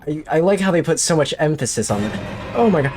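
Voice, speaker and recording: A man's voice: on the high side, expressive, fast, darkish tone, a little hiss or hum. A man streaming a horror game, talking to himself in jumpy, joking commentary. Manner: jumpy, talks to himself, jokey. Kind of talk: let's play commentary.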